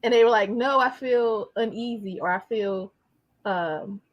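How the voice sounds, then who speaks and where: A woman hosting a casual interview, animated and quick to repeat herself, often checking in with tag questions. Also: a little high, highs cut off. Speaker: interview host.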